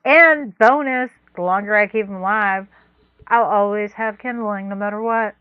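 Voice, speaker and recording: A woman's voice: medium pitch, moderate pace, smooth, no echo. A woman co-hosting a podcast in casual chat, rambling in a laid-back way with frequent chuckles. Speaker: podcast co-host. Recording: dull lo-fi dry sound.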